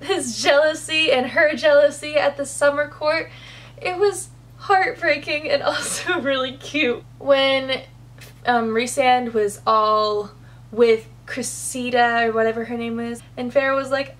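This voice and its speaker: Excitable girl with a high voice fangirling over a book she loved, says like constantly. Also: measured pace. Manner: gushing, excitable, says "like" a lot. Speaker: book reviewer. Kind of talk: casual book review vlog.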